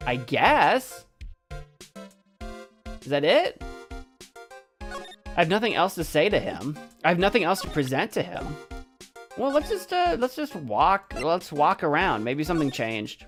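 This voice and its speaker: A woman's voice: sits low, big pitch swings, a little slow, pauses often, faint music behind. A woman giving casual, self-mocking commentary while playing a game, chatty and laughing often. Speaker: let's play streamer.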